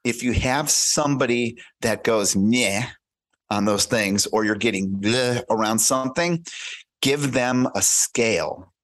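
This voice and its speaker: A man's voice: medium pitch, measured pace, a bit bright, no echo. Earnest man on a dry close mic. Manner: earnest, explains by acting out little dialogues. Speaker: podcast guest. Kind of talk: conversational advice talk.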